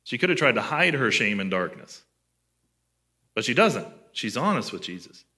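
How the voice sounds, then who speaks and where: A man's voice: mid-range voice, sing-song, moderate pace, bright, forceful tone. A man preaching a sermon as pastor, conversational and asking his listeners questions.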